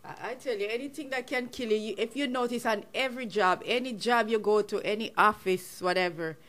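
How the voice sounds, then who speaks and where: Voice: mid-range voice, a little fast, a bit bright. A co-host chatting casually on a podcast, earnest and repeating points while explaining.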